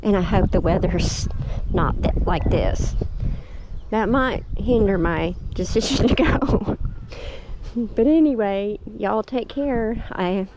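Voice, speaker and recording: A middle-aged woman from Oklahoma, a homestead vlogger, tells a story in a casual, chatty vlog with a slow, mid-range voice. She laughs often and gets emotional. The lo-fi recording sounds dull, with faint background noise.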